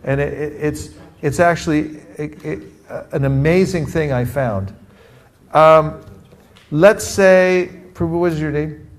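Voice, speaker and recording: Energetic man leading a group drill. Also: a little high, unhurried. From California. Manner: energetic, calls for audience responses. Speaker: teacher leading a training session. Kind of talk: interactive workshop talk. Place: room with a live group.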